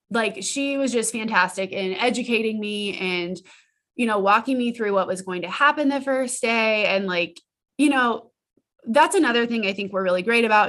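A woman's voice: medium pitch, fairly bright tone. A young woman on a podcast, chatting casually about her experience as a patient, laughing often and filling her talk with "like.". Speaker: physical therapist and former patient, podcast guest. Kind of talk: casual chat.

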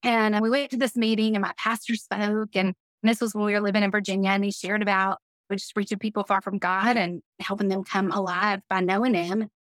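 A woman's voice: mid-range voice, flat delivery, fairly quick, few pauses, fairly bright tone, no room sound. A middle-aged woman, a podcast guest, telling a personal story earnestly and with feeling, laughing now and then. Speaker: podcast guest, business leader.

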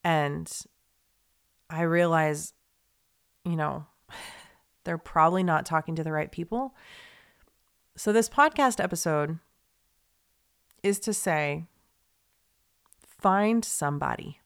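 Speaking slowly with long pauses, a young woman podcast host gets emotional during a rambling, heartfelt monologue full of fillers and restarts. Her low voice is smooth, with vocal fry.

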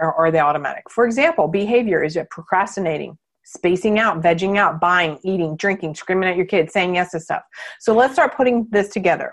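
A woman hosting a motivational podcast, talking casually with lots of fillers and acting out quoted thoughts. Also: on the low side. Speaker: podcast host and coach.

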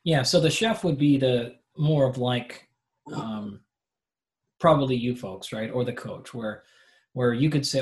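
A man being interviewed as a coach, explaining ideas in an animated, conversational way, with many fillers and restarts. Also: medium pitch, moderate pace. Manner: animated explainer, acts out athletes' voices. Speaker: performance coach, podcast guest.

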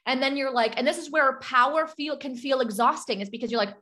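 A woman's voice: high-pitched, normal speed, fairly bright tone. A woman hosting a motivational coaching talk, emphatic and full of rhetorical questions, acting out doubting inner voices. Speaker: podcast host and business coach.

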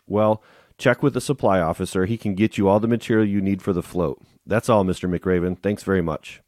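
Man reading the part of a navy commander, middle-aged, genial, brisk, low-pitched. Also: steady tone, darkish tone, no room sound, clean studio sound, natural voice. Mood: brisk, friendly.

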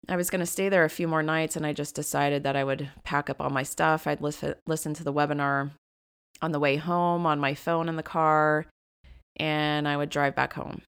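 Low-voiced woman telling a candid story. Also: smooth. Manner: candid, confessional, gets animated retelling moments. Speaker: podcast host. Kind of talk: personal storytelling.

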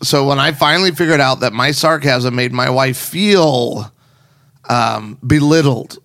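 A man co-hosting a casual talk show, telling stories and giving advice to husbands in a sarcastic, animated way. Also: medium pitch, measured pace, dry recording, clean studio sound. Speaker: podcast co-host.

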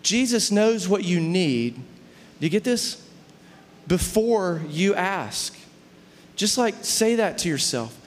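A man's voice: high voice, big pitch swings, slow, long pauses, big-room sound, a little hiss or hum. A middle-aged man preaching a conversational sermon, often stopping to ask whether the listeners follow. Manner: conversational preaching, often asks "do you see?". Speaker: pastor.

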